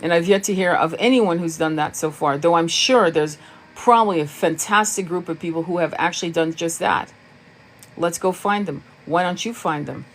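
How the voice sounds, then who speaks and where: A woman's voice: lowish voice, normal speed, slight background noise. A woman hosting a spiritual live stream. She answers viewers' comments in a blunt, casual way, swears freely and often laughs. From United States.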